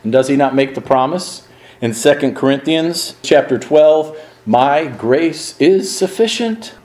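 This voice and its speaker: A man preaching a sermon in an earnest, emphatic way, swinging his pitch and pace to stress his points. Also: lively intonation, measured pace, darkish tone, roomy sound, rough recording.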